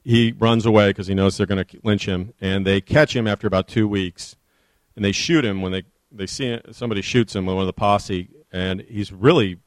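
A man's voice: lowish voice, dry recording. A man, an author, giving a public history talk with earnest storytelling and audience questions.

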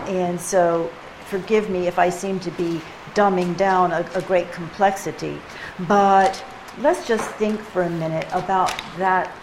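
A woman with a lowish voice teaches a poetry workshop to a room of people, chatty and animated. She plays with rhythm out loud as she explains. A faint hiss of room noise sits under her voice. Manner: chatty, animated, playful, mimics rhythms aloud. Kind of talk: informal teaching to a group. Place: room with a live group.

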